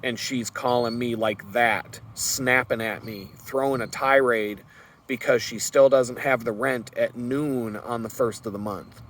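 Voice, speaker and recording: A man's voice: medium pitch, fairly even intonation, measured pace, fairly bright tone, slight background noise. A man vlogging a personal story in an earnest, rambling way, with fillers and restarts.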